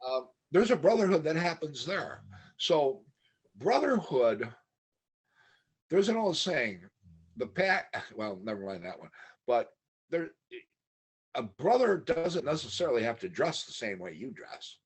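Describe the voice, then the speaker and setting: A man's voice: fairly high pitch, big pitch swings, a little slow, pauses often, breathy edge. A middle-aged man telling stories in a casual podcast chat, rambling, laughing often and acting out what others said. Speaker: podcast guest.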